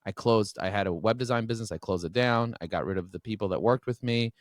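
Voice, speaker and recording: Low-voiced man talking candidly, dry sound. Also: quick pace, no room sound. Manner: emotional, open, many restarts. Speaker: podcast guest, business owner. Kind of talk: candid interview talk. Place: standing while talking.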